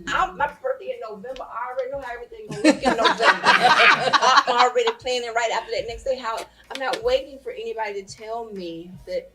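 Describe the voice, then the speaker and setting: A woman's voice: fairly high pitch, fast, few pauses, a loud crowd, rough recording. A woman on a talk show panel, speaking emphatically in a casual chat. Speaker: panel guest.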